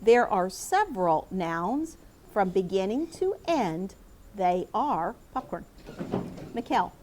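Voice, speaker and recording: A middle-aged woman teaching a classroom lesson, speaking clearly and encouragingly as she calls on students by name. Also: mid-range voice, big pitch swings, slow pace, background noise.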